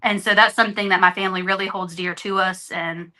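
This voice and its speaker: Woman guest on a podcast, earnest and open, crisp bright voice. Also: mid-range voice, steady tone, fast. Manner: earnest, openhearted storytelling. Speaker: interview guest. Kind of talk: candid podcast conversation.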